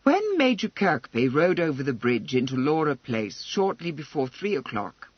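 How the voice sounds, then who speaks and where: A man narrating a historical romance audiobook in an expressive, measured way. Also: on the high side, no echo. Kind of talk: scripted narration. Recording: slightly dull lo-fi.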